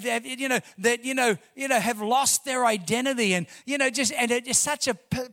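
Delivering a sermon to his congregation, this pastor uses fervent emphasis and rhetorical questions to hammer each point home. His voice is bright, forceful and unusually high for a man.

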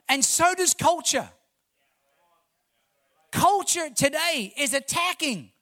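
A man's voice: very high-pitched, pushed and bright. A male pastor preaching a sermon to his congregation in church, emphatic and fervent, often tossing rhetorical questions to the room.

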